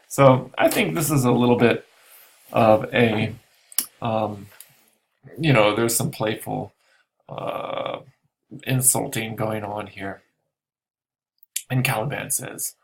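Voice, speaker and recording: A male teacher calmly explaining a play scene, unhurried and thinking aloud as he goes. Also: fairly low pitch, creaky. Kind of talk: lesson walking through a play.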